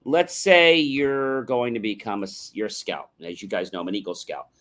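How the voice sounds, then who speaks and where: The host of a motivational livestream has a low-side, slightly bright voice at a moderate pace, heard through a livestream microphone. Teaching as he goes, he contrasts yes-no questions with open ones and keeps adding a rhetorical "right?".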